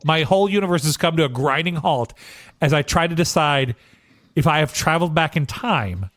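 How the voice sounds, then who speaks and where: A man co-hosting a casual podcast, telling a story with lively asides and frequent "okay?" check-ins. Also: fairly high pitch, no echo, clean studio sound. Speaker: podcast co-host.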